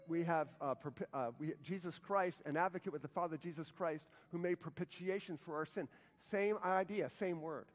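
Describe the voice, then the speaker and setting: A male pastor preaches an impassioned sermon in a slightly high voice, swinging widely from ringing, emphatic declarations to slow, hushed words. A long reverb from the church sanctuary trails his voice.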